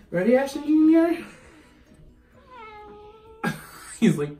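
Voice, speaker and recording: Excitable young man in an echoey bathroom. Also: sits high, measured pace, long pauses, soft background music. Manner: excitable, laughing, yelping at scratches. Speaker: vlogger. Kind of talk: casual chat to camera. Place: bathroom at home.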